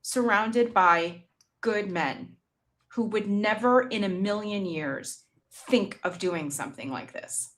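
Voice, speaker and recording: Speaking slowly with lively intonation, a middle-aged podcast co-host in a mid-range, fairly bright voice chats about politics. She's indignant and passionate, often stammering and restarting, and she quotes others with sarcasm.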